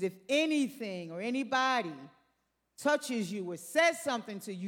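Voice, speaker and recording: A woman's voice: fairly high pitch, lively intonation, normal speed, a bit bright, long reverb tail. An older woman preaching a sermon, emphatic, repeating her phrases and calling out to the congregation.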